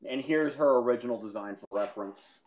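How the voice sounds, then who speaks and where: A co-host chatting and telling stories casually on a stream, animated and quick to laugh. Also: medium pitch, slight background noise. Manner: animated storyteller, laughs easily.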